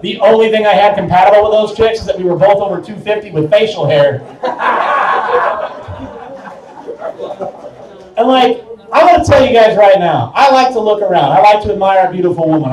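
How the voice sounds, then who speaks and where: A man's voice: high-pitched, fast, a little mellow. A young man doing a crude, self-mocking stand-up set in a small bar. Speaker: stand-up comedian. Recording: echoey bar from far off.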